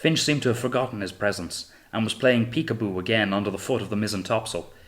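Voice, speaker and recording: A man reading an audiobook of a naval novel in a steady, measured way. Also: fairly low pitch. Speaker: audiobook narrator. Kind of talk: scripted audiobook narration.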